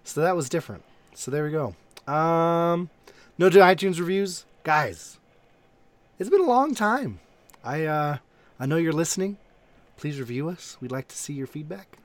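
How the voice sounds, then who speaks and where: A man hosting a casual podcast chat, animated and laughing a lot. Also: fairly high pitch, moderate pace, no echo. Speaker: podcast host.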